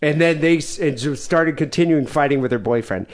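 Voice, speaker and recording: A man in his forties hosts a podcast, chatting casually and telling stories while acting out the people he quotes. His voice sits fairly high and moves at a brisk clip, and he laughs often.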